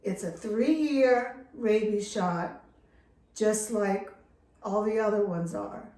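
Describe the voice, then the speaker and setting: A dog care vlogger, a middle-aged woman, speaks slowly to camera from inside a lake house. Her mid-range voice is mellow and the sound roomy. The talk is casual but earnest and impassioned, with heavy stress on key words.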